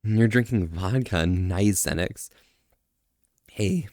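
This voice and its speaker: A soft-spoken man chats on a livestream, his voice sitting a little low. He stretches his praise out slowly and gently, and the sound is close and dry, with no room around it. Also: animated, no room sound. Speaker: streamer. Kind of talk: casual livestream chat.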